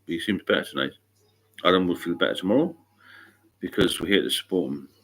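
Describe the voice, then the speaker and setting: A man's voice: low voice, fast, creaky, fairly bright tone, husky. A middle-aged man from England hosting a casual livestream chat, talking bluntly, swearing freely and wandering into anecdotes. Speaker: livestream host.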